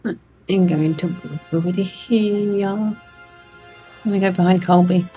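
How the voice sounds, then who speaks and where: A woman's voice: fairly low pitch, a little slow, mellow, faint music behind, poor audio. A woman playing a tabletop game, casual and hesitant, swearing lightly. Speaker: player.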